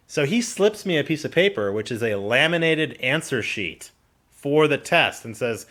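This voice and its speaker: A man's voice: on the high side, moderate pace. Profane, rambling storyteller man. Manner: rambling, profane, animated anecdotes. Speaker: channel host. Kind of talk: casual storytelling to camera.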